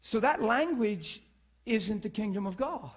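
High-voiced animated male preacher. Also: unhurried, breathy edge. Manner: animated, repetitive, checks in with the audience. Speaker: preacher teaching a church school class. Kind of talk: sermon.

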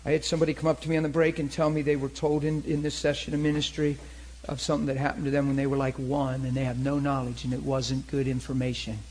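A man preaching to a crowd at a church meeting, telling a story in an animated way and acting out the voices in it. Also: medium pitch, quick pace, rough recording. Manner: animated, laughing, acts out voices in his story. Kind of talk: storytelling sermon.

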